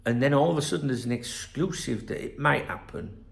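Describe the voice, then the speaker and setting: A football channel host with a mid-range, gravelly voice reads news aloud a little fast and mocks it. His delivery is expressive, sweary and sarcastic, a solo rant recorded with a roomy sound.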